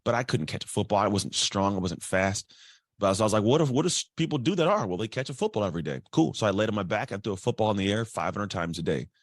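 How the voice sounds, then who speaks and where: A man telling his life story as a guest, energetic and chatty, acting out other people's voices. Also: on the low side, fast talker, no echo, clean studio sound. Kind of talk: candid storytelling.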